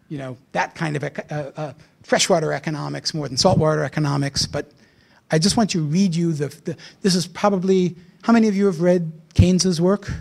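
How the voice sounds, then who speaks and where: A man's voice: a little high, gravelly. A man giving a blunt, provocative conference talk with sardonic asides. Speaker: invited speaker.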